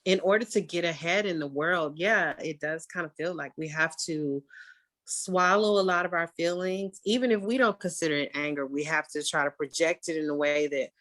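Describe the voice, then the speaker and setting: A woman artist hosting a casual conversation, talking candidly and emphatically and often breaking into animated quoted outbursts. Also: sits low, moderate pace, dry recording. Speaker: artist and podcast host.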